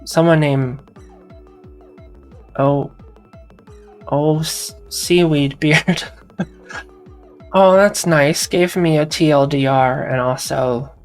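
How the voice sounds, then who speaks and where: A woman's voice: a bass voice, slow, long pauses, a little mellow, faint music behind. A woman musician and mastering engineer answering viewer questions in a casual solo Q&A, talking frankly with rambling restarts and swearing.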